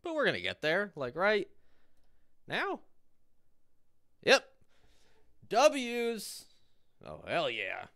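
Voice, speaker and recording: A male streamer with a lively voice that leaps up and down in pitch as he greets his chat. He sounds close and dry on a desk mic, with no room around him. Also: normal speed, creaky, hardly any pauses, dry recording. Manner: animated, greeting chat by name.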